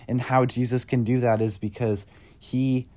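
A man earnestly sharing his Christian faith in a casual testimony, halting often with fillers. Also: mid-range voice, level tone, mellow.

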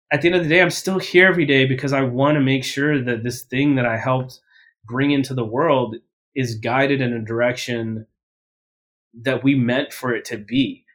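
A man's voice: medium pitch, steady tone, normal speed, fairly bright tone. Blunt, rambling man on a podcast. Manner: self-correcting and full of verbal fillers. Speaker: podcast guest. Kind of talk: casual interview talk.

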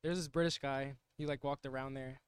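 A man's voice: mid-range voice, fairly even intonation, brisk, smooth, no echo. A young man in casual chat with friends, rambling through a travel story with lots of fillers. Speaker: friend back from a trip.

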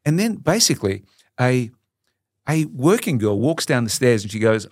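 An Australian man in his sixties, a podcast guest telling stories in a lively, animated way. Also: mid-range voice, normal speed, dry recording, clean studio sound. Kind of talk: casual storytelling.

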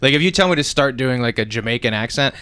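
A man with a mid-pitched voice rambles easily through his stories on a podcast and breaks into laughter a lot. There is a faint hiss of noise behind him. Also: lively intonation, quick pace, pushed and bright. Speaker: podcast co-host. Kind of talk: casual podcast banter.

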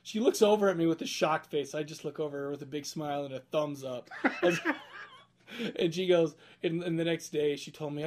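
Rambling male podcast host, halting casual delivery. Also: a little high. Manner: rambling, halting, laughs often. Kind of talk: casual chat.

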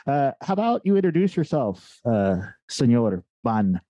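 A man's voice: medium pitch, big pitch swings, warm tone, dry recording. Man hosting a podcast. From Dayton, Ohio, USA. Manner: slow, deliberate and friendly, with a plainly delivered scripted intro. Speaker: podcast host. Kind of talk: casual podcast interview. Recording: dull, lo-fi voice.

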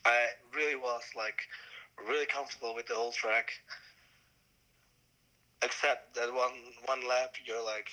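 A hoarse young man who keeps coughing, talking haltingly with many fillers as a guest on a phone call. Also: mid-range voice, steady tone, pushed and bright. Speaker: podcast guest, world champion. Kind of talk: casual chat.

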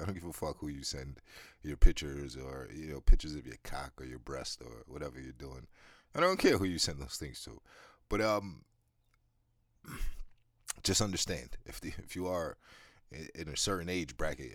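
A man with an extremely deep, low voice talks off the cuff as a podcast host, rambling and swearing with lots of restarts. He's a smoker who breaks off to cough now and then. The sound is dry and close, with no room around it. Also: a bit bright, dry recording. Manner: rambling, profane, laid-back, many restarts and fillers. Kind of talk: casual monologue.

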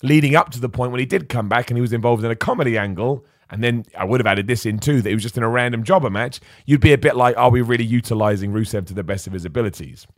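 Brief: male podcast host, mid pitch, chatty and opinionated, close dry mic. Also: dry recording. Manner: chatty, opinionated, stumbles and repeats words. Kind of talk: casual wrestling chat, reading super chats.

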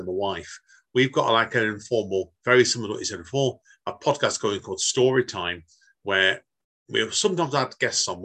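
A man's voice: mid-range voice, fairly bright tone. A man hosting a casual poetry podcast interview, chatty and informal. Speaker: podcast host.

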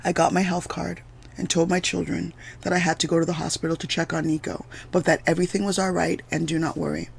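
Give me a woman narrating her own story for a podcast, with a gravelly edge of vocal fry. She keeps a measured, deliberate pace, with every sentence steady and composed. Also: lowish voice, a little hiss or hum. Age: adult mother of several children. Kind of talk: reading a personal story aloud.

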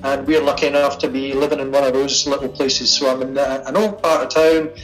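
A man's voice: mid-range voice, level tone, fairly quick, soft background music, low-quality recording. A man from Scotland with a Scottish accent, a sculptor chatting easily as a guest in a remote interview from his attic studio at home. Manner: easygoing, chatty, laughs easily. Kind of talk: casual interview over a call. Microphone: remote call.

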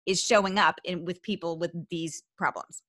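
A woman with a Philadelphia accent hosts a podcast interview. She is friendly and playful, quick to laugh. The recording is dry and close. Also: fairly low pitch, steady tone, fairly bright tone, no echo. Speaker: podcast host.

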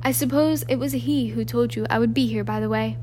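A woman reading an audiobook, voicing a wise old male wizard in a calm, firm, quiet manner. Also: fairly high pitch, brisk, a little hiss or hum, natural voice. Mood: grave.

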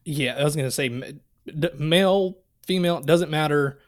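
A man's voice: on the high side, normal speed. A man co-hosting a podcast, casually retelling movie scenes and quoting the lines with swearing. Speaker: podcast co-host. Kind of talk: casual movie recap chat.

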